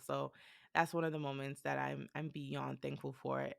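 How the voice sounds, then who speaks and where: A young adult woman hosting a podcast, telling a personal story in a casual, animated way and acting out the dialogue. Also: rumbling low, moderate pace, creaky, no room sound, studio quality. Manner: animated, retells events with quoted dialogue. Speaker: podcast host.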